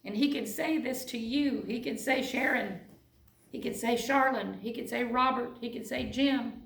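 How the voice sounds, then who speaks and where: A woman's voice: a little high, normal speed, creaky, distant mic. Earnest woman preaching in an echoey church. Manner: earnest, reads scripture aloud in old-fashioned phrasing. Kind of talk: sermon. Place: church sanctuary. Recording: echoey church room, voice off-mic at times.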